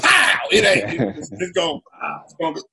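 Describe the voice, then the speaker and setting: A comedian guest on a talk show, telling stories in a lively way and acting out quotes, sometimes shouting. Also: male voice, very high voice, normal speed, gravelly, background noise. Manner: acts out quotes with loud shouting asides. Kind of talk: animated storytelling on a talk show.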